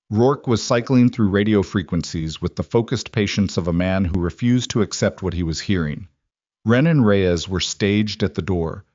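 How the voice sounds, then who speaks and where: A man narrating a military thriller story in a steady, dramatic storytelling style, in a dry, slightly muffled recording. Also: low-pitched, dry recording. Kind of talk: scripted narration.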